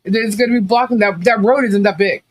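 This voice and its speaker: A man's voice: high-pitched, fairly even intonation, fairly quick, dry recording, poor audio. A man co-hosting a podcast, telling a story in casual commentary, acting out quotes with laughing asides. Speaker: podcast co-host.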